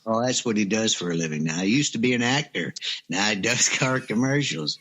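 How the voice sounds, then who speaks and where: A man's voice: fairly low pitch, animated, brisk, a bit bright, breathy edge. A man with a Louisiana accent, guesting on a comedy radio show, rambling and hesitant and mangling names. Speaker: comic guest.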